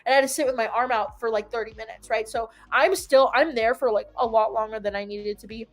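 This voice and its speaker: A woman's voice: on the high side, fairly even intonation, fast, faint music behind. A young adult woman telling a long story in casual chat, rambling and peppered with "like". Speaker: host.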